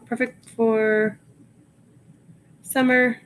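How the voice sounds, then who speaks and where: A woman with a Long Island accent talks slowly and casually at home, half-muttering and reading out loud to herself while she works. Her voice sits in a middle range, with a faint hiss of noise in the background. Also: mid-range voice, rough recording. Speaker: reseller listing items live. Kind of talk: casual livestream chat while working.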